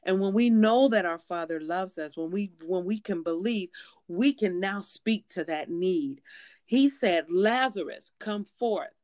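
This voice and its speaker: A woman's voice: on the low side, unhurried, darkish tone, dry recording. A woman preaching a sermon in an earnest, emphatic way, with frequent fillers and restarts.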